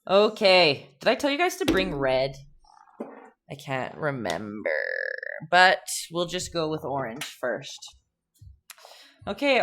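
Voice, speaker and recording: Brief: young woman, low voice, playful live-stream painting teacher, chatty with her viewers. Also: a bit bright. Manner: chatty and playful, reads out chat, giggles often.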